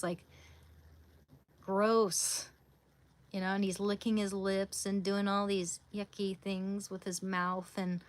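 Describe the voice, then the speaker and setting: A woman in her thirties chatting casually on a live stream from home, reading and answering viewer comments as she talks. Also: medium pitch. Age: 30s. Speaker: livestreamer. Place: home, near a bed. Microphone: phone or device camera.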